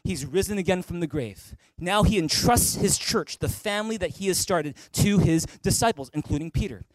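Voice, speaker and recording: A man preaching a sermon as pastor in an animated way, building to emphatic peaks and asking the listeners direct questions. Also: high voice, moderate pace, dry recording. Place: church stage.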